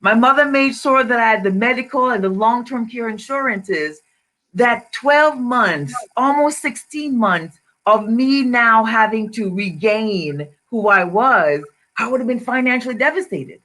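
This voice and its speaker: A woman's voice: fairly high pitch, lively intonation, a little slow, a bit bright. A woman with a Jamaican accent, a financial advisor, sharing a personal testimony on a video call and repeating her key phrases for emphasis.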